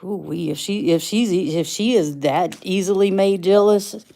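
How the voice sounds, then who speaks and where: A woman's voice: mid-range voice, normal speed, gravelly, mellow. A woman, chatting casually with viewers on a livestream while unboxing rocks. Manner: chatty, greets viewers by name, laughs easily.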